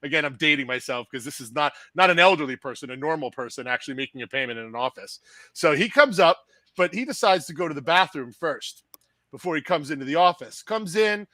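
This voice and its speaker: Animated high-voiced New man. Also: brisk, dry recording. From New Jersey. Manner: animated, building to loud bursts, salty. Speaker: insurance agent, podcast co-host. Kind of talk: casual storytelling chat.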